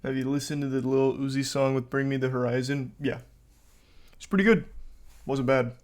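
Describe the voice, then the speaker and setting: A man's voice: mid-range voice, steady tone, moderate pace. A man livestreaming, talking in a dry, offhand and profane way as he reacts to a clip and chats with viewers. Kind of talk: casual reaction commentary.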